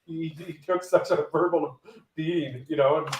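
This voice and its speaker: A man's voice: a little high, steady tone, normal speed. A man joining a casual fan podcast as a panelist, talking hesitantly with lots of fillers. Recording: roomy lo-fi remote mic.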